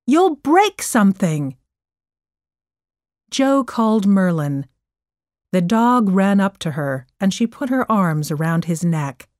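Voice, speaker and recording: A woman narrating a storybook chapter in a careful, expressive reading voice. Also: medium pitch, a little slow, no echo, studio quality.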